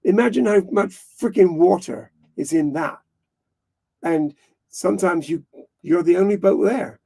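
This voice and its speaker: A man's voice: high voice, unhurried, creaky, warm tone, husky. A man hosting a live stream, chatting casually in a rambling way, often correcting himself and laughing. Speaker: livestream host.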